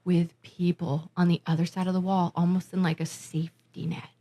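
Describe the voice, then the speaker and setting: A woman from Massachusetts telling festival stories in casual podcast chat, emotional and animated, acting out what people said. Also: lowish voice, brisk. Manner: animated, emotional storyteller, acts out quotes. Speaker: musician and festival organizer, guest.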